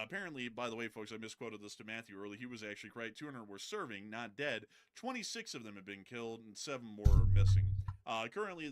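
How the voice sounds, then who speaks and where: A man hosts a casual live news commentary stream at an ordinary, mid-range pitch. He slips joking asides into the updates. He corrects himself quickly when he gets a detail wrong. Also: clear, resonant tone.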